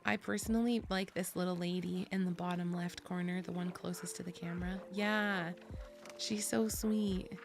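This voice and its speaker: American lady streamer chatting w/ chat, giggly n excitable, bit of vocal fry, music going behind. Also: on the low side, moderate pace. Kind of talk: casual chat with viewers.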